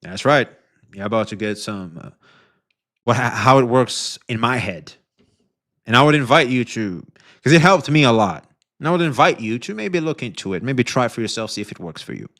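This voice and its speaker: A male streamer reacts to a video live and talks straight to his chat. His pitch rises and falls a lot as he rambles and corrects himself, and he swears freely. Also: lively intonation, moderate pace, a bit bright. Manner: addresses chat directly, frequent restarts and swearing. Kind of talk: livestream reaction commentary.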